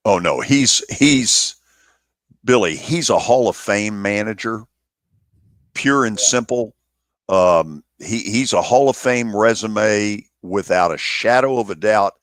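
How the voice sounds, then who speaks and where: A man hosting a sports talk radio show in an unhurried, conversational way. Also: on the low side, fairly bright tone, no room sound, studio quality. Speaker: radio host.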